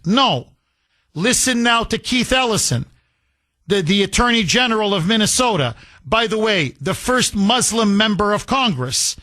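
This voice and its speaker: High, animated, indignant talk radio host. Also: male voice. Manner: sarcastic, indignant, rhetorical questions; emphatic with repetition. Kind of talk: political talk radio monologue.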